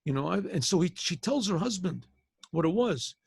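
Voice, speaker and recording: A rabbi tells a story casually, restarting phrases and clearing his throat often. His voice is high for a man and husky. The sound is dry and close. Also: lively intonation, moderate pace, a little mellow, dry recording. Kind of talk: storytelling lesson.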